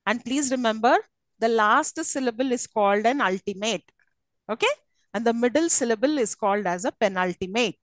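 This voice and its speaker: Female lecturer; high pitch, dry recording, patient step-by-step explanations. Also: moderate pace, dry recording, rough recording. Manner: explains step by step, often checks "okay?". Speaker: English lecturer. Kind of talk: live classroom lecture.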